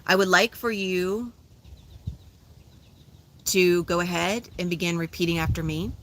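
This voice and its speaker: Woman guiding a slow meditation. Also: on the low side, fairly bright tone. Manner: slow, soothing, repetitive instructions. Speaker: spiritual guide. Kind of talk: guided meditation.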